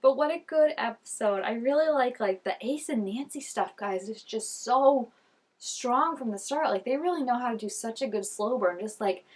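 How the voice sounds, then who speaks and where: A woman's voice: a little high, animated, normal speed, a little mellow. A young woman reacting to a TV episode in casual commentary, chatty and gushing, laughing often and saying "like" a lot. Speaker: TV reaction vlogger.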